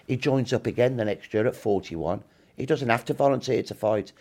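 A man's voice: medium pitch, fairly quick, a little mellow. A man in his sixties, a historian guest telling history in emphatic, punchy short clauses during an interview.

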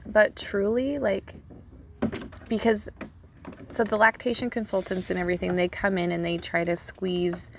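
A woman's voice: medium pitch, little pitch movement, moderate pace, gravelly, noisy background. A young woman hosting a podcast, telling a personal story in a casual, chatty way full of "like" and "um", recorded outdoors. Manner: chatty, lots of "like" and "um". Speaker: podcast host. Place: outdoors, child playing in water nearby.

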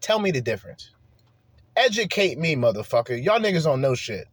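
A man's voice: on the high side, big pitch swings, a little fast, a little hiss or hum. A man hosting a podcast, ranting in a heated, profane, emphatic way and firing off rhetorical questions. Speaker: podcast host. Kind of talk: solo opinion rant.

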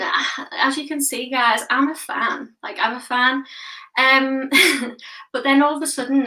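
A woman delivers a stand-up set in a slow, unhurried way, landing crude punchlines deadpan. Her voice is bright and a little high. It sounds roomy and echoey, caught from some distance off the mic. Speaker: stand-up comedian.

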